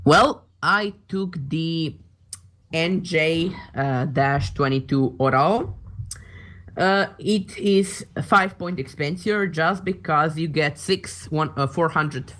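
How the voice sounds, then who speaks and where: A man from former Yugoslavia chatting about a game, halting and searching for words as he talks. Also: fairly high pitch, a bit bright. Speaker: co-host translating unit names. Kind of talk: casual gaming chat.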